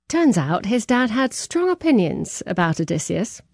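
A woman radio host reading scripted introductions in a crisp, polished way. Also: medium pitch, very animated, normal speed, darkish tone, no echo, clean studio sound. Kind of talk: scripted programme trailer.

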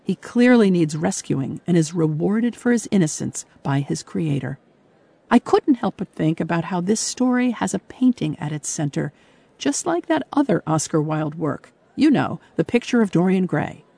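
A woman presents a literary radio show with a scripted, reflective delivery. Her voice is mellow and carries a gravelly fry, recorded close and dry in the studio. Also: on the low side, very animated, moderate pace, no echo. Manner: thoughtful, literary commentary. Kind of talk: scripted broadcast narration.

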